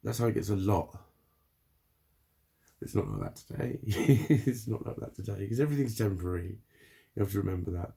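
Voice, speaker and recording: Gravelly low-voiced man. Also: a little fast, pauses often, mellow. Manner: rambling, heavy swearing, frequent laughs. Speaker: vlogger. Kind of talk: casual spoken diary.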